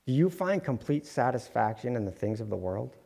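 A man's voice: mid-range voice, sing-song, brisk, gravelly, warm tone, breathy edge. Man preaching in a reverberant church. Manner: earnest, with light self-deprecating asides. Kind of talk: sermon. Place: church sanctuary. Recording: long hall reverb.

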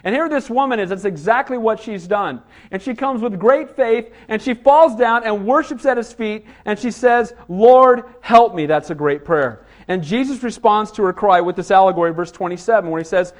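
A man's voice: sits high, expressive, normal speed, few pauses. A man preaching a sermon, a father of small children, full of rhetorical questions and frequent calls of "Amen?" to the congregation. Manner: call-and-response, asks "Amen?" often; rhetorical questions, rising to emphatic cries. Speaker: pastor.

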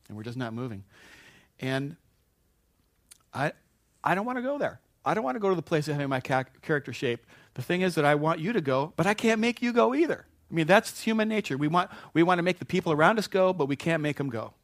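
A man's voice: on the high side, no room sound. A man preaching a conversational sermon as pastor, folksy and anecdotal, often restarting his sentences.

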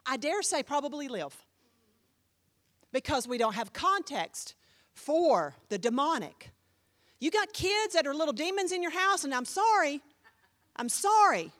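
A woman pastor preaching a sermon with animated storytelling, acting out the voices of the people she quotes. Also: high voice, long reverb tail.

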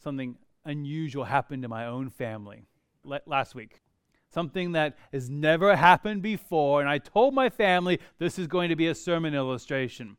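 With wry humor and animated emphasis, a middle-aged pastor spins stories through his sermon at a moderate pace. He speaks in a high, smooth, resonant voice, recorded close and dry with no room sound.

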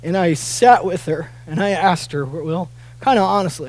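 A middle-aged man, a pastor preaching a sermon, earnest, dropping soft and near tears, then rising to loud emphatic peaks. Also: high voice, moderate pace. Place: church auditorium.

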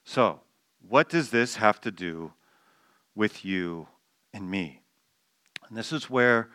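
A man's voice: lowish voice, bright, forceful tone, no room sound, clean studio sound. A man preaching a sermon, explaining a text with emphatic stress on key words and some restarts. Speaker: pastor.

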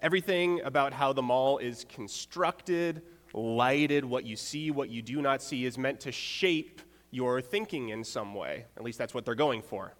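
A young adult man preaching a conversational sermon, relaxed, with rhetorical check-ins and wry asides. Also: mid-range voice, measured pace, few pauses. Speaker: pastor. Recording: long hall reverb.

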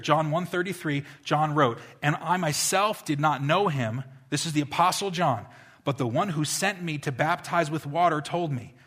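A man's voice: a little high, a bit bright. A male pastor preaching a sermon, asking the congregation rhetorical questions and swelling into impassioned emphasis.

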